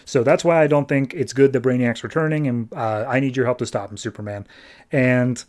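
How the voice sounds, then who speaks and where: A man hosting a podcast, recapping a comic book in a loose, casual way and dropping into quick quoted voices. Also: mid-range voice, steady tone, a little mellow. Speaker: podcast host.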